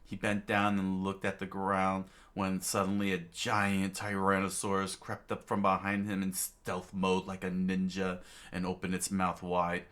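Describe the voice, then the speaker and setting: Slow, low-voiced man reading a manga aloud, chatty and full of fillers. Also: monotone, a bit bright. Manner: chatty, laughs often, many fillers. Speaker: manga reader. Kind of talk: casual manga read-aloud.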